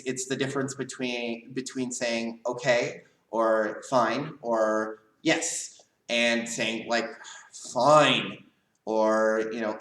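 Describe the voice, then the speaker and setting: A man teaching a live leadership class for a karate school, in a casual coaching tone with a steady stream of "right?" checks. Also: medium pitch. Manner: casual coaching tone, asks "right?" often, varies volume. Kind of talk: live online class lecture. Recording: echoey room, voice a bit far from the mic.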